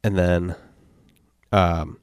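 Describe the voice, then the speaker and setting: A man hosting a podcast, retelling a dark story and reading the quoted lines aloud in a steady, matter-of-fact way. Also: low voice, drawn-out words, smooth, no echo, studio quality. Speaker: podcast host.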